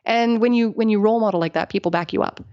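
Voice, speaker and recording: Her voice medium-pitched and mellow, this middle-aged engineer talks quickly as a podcast guest. Through dull lo-fi audio, she shares stories in a casual interview, frequently laughing and imitating whoever she's quoting.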